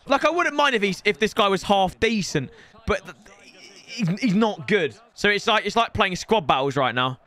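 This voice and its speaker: A man's voice: high voice, expressive, moderate pace, sharp tone. A man, commentating his own game on a live stream in an exasperated, ranting way.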